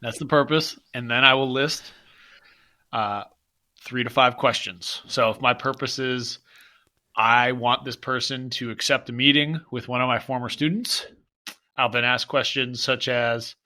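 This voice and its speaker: A man's voice: mid-range voice, fairly even intonation, a little slow, sharp tone. A man hosting a podcast, chatting casually and with a self-deprecating streak. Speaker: podcast host. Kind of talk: casual conversation.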